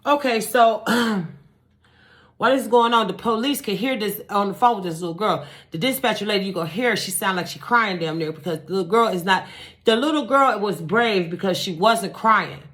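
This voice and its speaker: A woman vlogger telling a true-crime story in a casual, animated, profane way, acting out gunshots with sound effects. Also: medium pitch, moderate pace.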